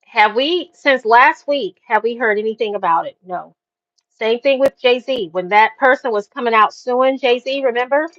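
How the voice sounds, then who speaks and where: A woman hosting a casual chat show, telling stories in an animated way, full of slang. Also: on the high side, moderate pace, dry recording. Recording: dull dry lo-fi sound.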